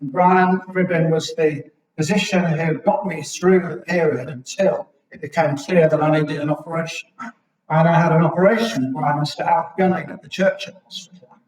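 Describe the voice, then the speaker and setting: A British man in his sixties giving a reflective public talk at a local history evening, halting now and then with ums. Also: a little high, steady tone. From Britain. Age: 60s. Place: chapel hall. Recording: echoey chapel, mic at a distance.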